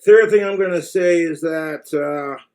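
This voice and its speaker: A man's voice: fairly high pitch, measured pace, darkish tone. A man with an American accent giving blunt, crude, rambling relationship advice in a casual monologue to the camera.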